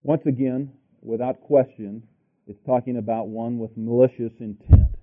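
A man preaching a sermon, reading scripture aloud and thinking aloud between verses with halting restarts. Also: mid-range voice, fairly even intonation. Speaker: pastor. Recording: tinny lo-fi sermon tape.

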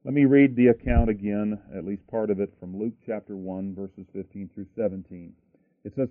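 Male preacher, emphatic sermon delivery, mid pitch, tinny dry recording. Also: fairly even intonation, normal speed, dry recording. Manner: emphatic, repeating phrases for stress. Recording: tinny phone-like line, dry.

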